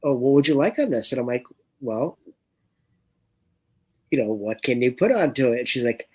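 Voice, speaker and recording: A man co-hosting a casual fan chat, telling relaxed convention anecdotes that often trail off quietly. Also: mid-range voice, moderate pace, slightly rough. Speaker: co-host of a fan watch-along show.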